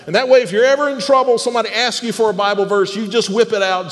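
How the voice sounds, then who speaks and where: Lively high-voiced male preacher in a hall. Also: fast talker. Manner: animated, repeats words as he restarts phrases, asks the crowd questions. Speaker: pastor. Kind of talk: sermon.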